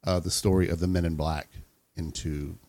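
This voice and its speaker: A man's voice: low-pitched, fairly even intonation, moderate pace, mellow, no room sound. A man hosting a comedy podcast, reading a story aloud to his co-hosts and breaking off to joke with them. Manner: reads the story then jokes along. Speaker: podcast host.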